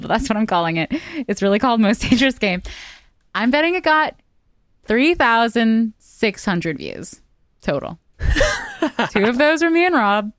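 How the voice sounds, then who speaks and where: A woman's voice: fairly high pitch, no echo, studio quality. A young adult woman co-hosting a podcast, chatting casually in a snarky, talkative way and laughing often. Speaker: podcast co-host. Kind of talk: casual chat.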